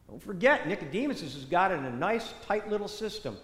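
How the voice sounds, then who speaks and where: A parish priest giving a sermon in a church, telling the story in a conversational, animated way with many asides. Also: male voice, on the high side, quick pace. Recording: echoey church hall reverb.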